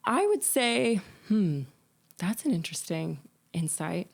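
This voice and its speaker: A woman musician being interviewed, telling stories in an animated way, often laughing and restarting her sentences. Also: medium pitch, slow, gravelly. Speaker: musician guest. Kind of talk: casual interview chat.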